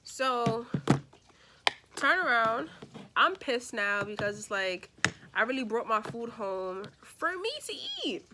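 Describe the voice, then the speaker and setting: A young woman vlogger chatting casually through a storytime as she does her makeup, lively and expressive, acting out the people in her story. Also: fairly high pitch, takes it slowly, noisy background. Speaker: beauty vlogger.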